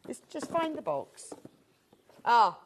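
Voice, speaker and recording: A woman's voice: fairly high pitch, sing-song, takes it slowly, slight background noise. A woman from Bath hosting a live shopping show, bubbly and chatty with frequent laughter. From Bath, England.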